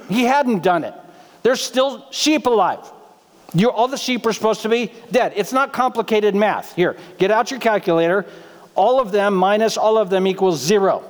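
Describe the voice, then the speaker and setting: A male pastor preaches with a high, light voice, joking and talking casually with his listeners. His voice carries the long reverb of a church sanctuary. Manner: humorous, conversational, asks the congregation questions. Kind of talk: sermon.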